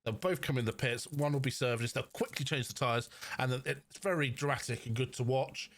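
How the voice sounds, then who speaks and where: A man with a Cornish accent co-hosting a podcast, chatting through a race weekend with fillers and quick explanations. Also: mid-range voice, a bit bright, dry recording. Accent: Cornish English. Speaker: podcast co-host. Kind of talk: casual race recap chat.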